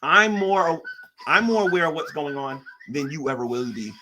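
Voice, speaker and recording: A man's voice: fairly high pitch, animated, normal speed, pushed and bright, a little hiss or hum. A man hosting a casual livestream, rambling and repeating himself as he reacts to chat. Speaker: livestream host.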